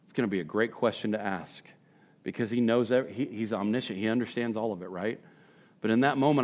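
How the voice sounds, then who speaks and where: A male pastor preaching a sermon in a conversational way, swinging between hushed reflection and emphatic questions. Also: lowish voice, fairly quick.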